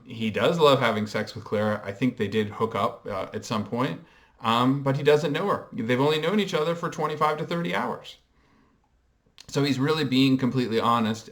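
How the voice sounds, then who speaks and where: A man's voice: medium pitch, a bit bright. Hesitant man musing on camera. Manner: reflective, hesitant, frequent ums; explains and coins terms in a measured way. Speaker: pop culture vlogger. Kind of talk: casual commentary.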